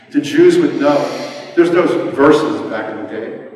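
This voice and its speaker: Impassioned middle-aged preacher in echoey hall. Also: male voice, on the high side, measured pace. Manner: emotional, swings from hushed to shouting. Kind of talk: sermon. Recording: roomy hall, mic far off.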